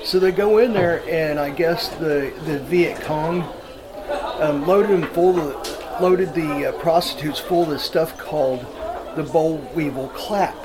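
A man's voice: a little high, a little slow, crowd noise. Rambling man telling a crude story. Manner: rambling, with many fillers and laughs. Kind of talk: casual storytelling.

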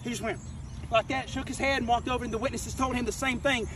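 A man's voice: very high voice, fairly even intonation, fast. A man preaching an informal sermon, emphatic and confrontational, hammering home key phrases by repeating them. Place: outdoors near a wrecked car. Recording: distant mic with faint outdoor noise.

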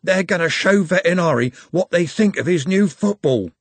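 Man doing a sickly unlikable lad, high and whiny, moans everything. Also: lively intonation, moderate pace, slightly rough, no echo, heavily acted. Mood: moaning. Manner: moaning, sulky.

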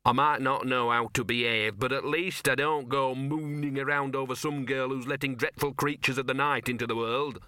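A man's voice: mid-range voice, steady tone, moderate pace, few pauses, sharp tone, clean tone, no echo, studio quality, pitched above the performer's own voice, close to an everyday voice. A man voicing a scruffy little talking dog who grumbles, sulks and talks smugly. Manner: grumbling, smug, self-pitying.

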